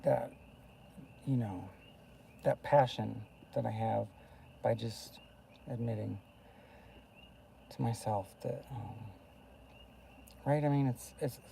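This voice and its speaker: Young guy vlogging from a car, super gravelly voice, road noise behind him, rambly and jumpy. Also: mid-range voice, takes it slowly, long pauses. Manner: excitable, jumps between topics, swings from loud to murmured. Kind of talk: rambling casual monologue. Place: inside a car.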